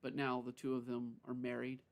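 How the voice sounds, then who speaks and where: A man reading a story aloud on a live stream, unhurried, with frequent self-corrections. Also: medium pitch, monotone, creaky.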